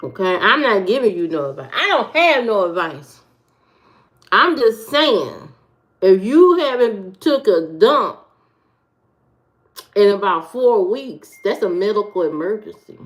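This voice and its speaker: Slow-talking woman doing comic livestream rants. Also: mid-range voice, very animated. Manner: comic rants, greets viewers by name, repeats words. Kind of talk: casual livestream chat.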